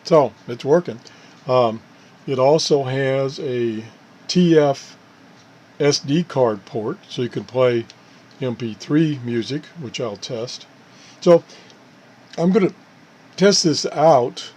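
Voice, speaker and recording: A man in an easygoing, unscripted gadget talk, at an ordinary middle pitch for a man. He rambles, restarts his sentences and chuckles at his own slip-ups as he goes. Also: takes it slowly, long pauses, a little mellow. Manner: rambling, self-correcting, chuckles at own mishaps. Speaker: channel host reviewing gadgets. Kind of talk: casual unscripted product talk.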